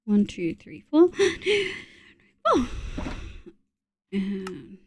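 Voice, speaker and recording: Slow-talking woman counting aloud while gaming. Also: mid-range voice, sing-song, slight background noise. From Australia. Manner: counts items aloud under her breath, chatty asides. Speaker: streamer. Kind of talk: casual gameplay chat with chat readers.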